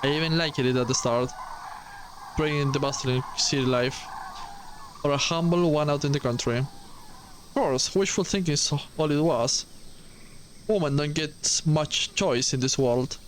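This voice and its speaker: Bitter, world-weary farm wife from a game, voiced plainly by a man in his own fairly high voice; noisy track. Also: a little slow, pauses often, natural voice. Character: hard-bitten young woman farm wife. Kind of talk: reading game dialogue aloud.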